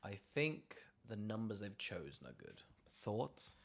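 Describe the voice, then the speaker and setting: A man's voice: on the low side, sing-song, unhurried, vocal fry. A man co-hosting a casual film podcast, blunt and sarcastic, mocking the movie with jokey put-on voices. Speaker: podcast co-host. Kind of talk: casual chat.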